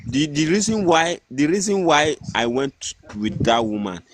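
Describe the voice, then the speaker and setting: A man's voice: on the high side, big pitch swings, unhurried, a little hiss or hum. A man with a Nigerian accent telling a story casually, hesitant and earnest, restarting his sentences often. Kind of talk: casual storytelling in pidgin-tinged English.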